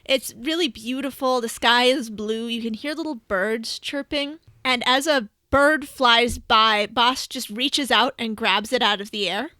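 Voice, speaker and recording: A woman's voice: fairly high pitch, a little slow, few pauses, pushed and bright, no echo. Woman narrating a tabletop game. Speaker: guest game master for the episode.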